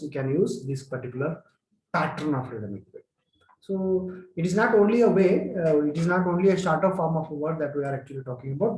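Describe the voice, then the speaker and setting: A man's voice: on the high side, darkish tone. Man teaching, echoey room. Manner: explanatory, repeats examples slowly, many fillers. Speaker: English lecturer. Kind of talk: spoken English lesson.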